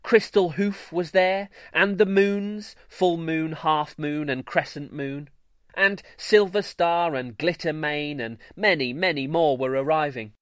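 A man hosting a children's story show, giving scripted narration in a playful, expressive way. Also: fairly high pitch, a little slow, no echo, clean studio sound. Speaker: storyteller host.

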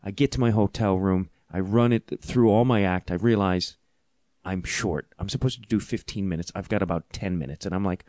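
A man hosting a podcast, telling a comic story in an animated, self-deprecating way, laughing often. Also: sits low, fairly quick, no room sound, studio quality. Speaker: podcast host and comedian.

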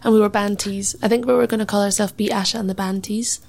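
A young woman musician talks in a relaxed, chatty way, with a gravelly creak in her voice. She laughs easily, fills her speech with "like", and acts out other people's words when she tells a story. Her pitch sits at an ordinary middle height. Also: fast. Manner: chatty, laughs often, says "like" a lot. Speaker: musician and MC, podcast guest. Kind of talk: casual interview chat.

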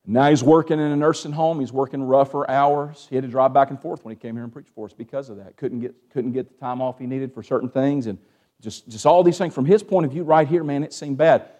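A man preaching a sermon as pastor, asking the congregation for amens and dropping from raised, urgent lines to hushed ones. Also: mid-range voice, a little fast. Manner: Southern-tinged preaching with call-and-response "amen?", swings from hushed to raised.

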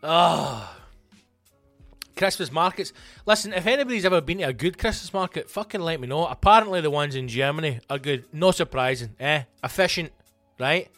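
A Scottish man hosting a comedy podcast, ranting in an animated, sweary monologue. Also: fairly high pitch, moderate pace, no room sound, faint music behind. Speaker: comedian host.

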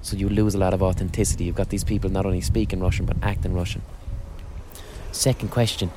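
A man's voice: low-pitched, flat delivery, quick pace, background noise. A man hosting a podcast outdoors on a street corner, talking in a rambling, sweary monologue with frequent restarts. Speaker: podcast host. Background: faint street ambience.

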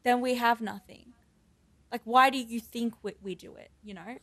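A woman's voice: fairly high pitch, steady tone, moderate pace, pushed and bright, no room sound. A young woman co-hosting a casual podcast, reading a script aloud and laughing often between lines. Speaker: podcast co-host.

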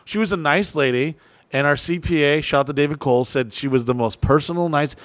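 A man's voice: fairly high pitch, fairly quick, no room sound. Rowdy, profane podcast man. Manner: rowdy, animated storytelling with put-on quotes. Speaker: podcast co-host. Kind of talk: profane casual chat. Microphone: studio microphone and headphones.

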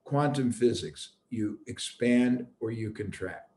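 A man's voice: mid-range voice, takes it slowly, mellow, roomy sound, a little hiss or hum. A man hosting a reflective conversation, thinking aloud and circling back as he searches for the right words. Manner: thoughtful, restarts, searching for words.

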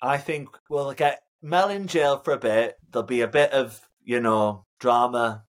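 A podcast guest in casual chat, lively and playful, acting out quotes with relish. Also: mid-range voice, unhurried.

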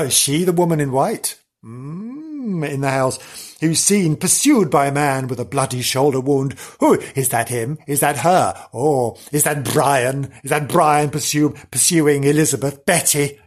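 A host at an even, middle pitch who tells ghost stories like juicy gossip. The delivery is theatrical, with frequent gasps and oh dears, and stays in a comic storytelling mode. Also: measured pace.

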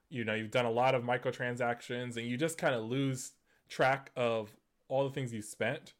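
A man's voice: medium pitch, a bit bright. A man hosting a gaming news show, talking in a loose, conversational way with lots of fillers and restarts. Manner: conversational, many fillers and restarts, laughs at points. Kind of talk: casual commentary.

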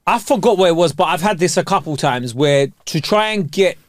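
A man's voice: high-pitched, lively intonation, fairly quick, no echo, clean studio sound. A man co-hosting a podcast, teasing and blunt in casual banter. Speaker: podcast co-host. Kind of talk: casual chat.

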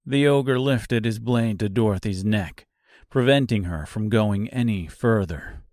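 A man narrating an audiobook in a deliberate storytelling manner. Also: fairly low pitch, darkish tone, dry recording, studio quality.

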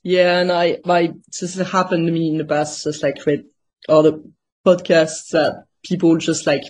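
A woman's voice: sits low, level tone, normal speed, darkish tone. Woman, podcast guest. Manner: hesitant, searching for words in English. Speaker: podcast guest, marketing agency founder. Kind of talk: casual interview chat.

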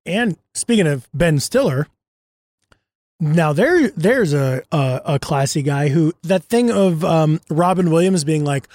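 A man with a fairly high voice talks in a loose, comedic podcast chat, circling and restarting until he lands his point. The sound is dry and right on the mic. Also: lively intonation, unhurried, a little mellow, no echo. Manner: rambling, building his point through restarts. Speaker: podcast co-host.

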